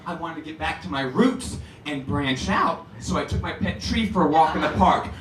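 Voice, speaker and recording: A young man doing a stand-up comedy set, telling animated stories with acted-out voices, from a club stage. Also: a little high, moderate pace, a little hiss or hum. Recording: roomy club, distant mic, crowd laughter.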